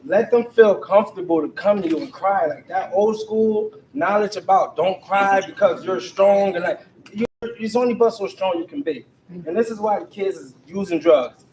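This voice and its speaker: A man's voice: high voice, a little mellow. A man earnestly telling a rambling personal story at a community meeting, acting out bits of dialogue. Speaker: community member sharing at a forum. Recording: echoey room, far from mic, faint noise.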